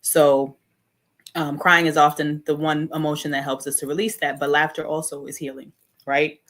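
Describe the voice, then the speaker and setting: A woman talks casually as an interview guest. Her voice is bright and forward, and she speaks animatedly, slipping into acted-out quotes and laughter. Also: deep voice, flat delivery, moderate pace. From Brooklyn, New York. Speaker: guest speaker, holistic healer.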